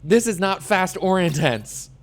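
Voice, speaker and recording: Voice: mid-range voice, expressive, measured pace. Wry streamer. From New Jersey. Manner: chatty, wry, sarcastic. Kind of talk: casual gameplay commentary.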